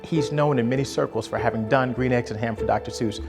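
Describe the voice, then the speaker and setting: A man in his fifties, with a voice of middling pitch, tells a family story in a casual, conversational way. He animates the story by performing the voices of the people in it, and music plays quietly behind him. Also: fast talker. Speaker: guest telling a family story.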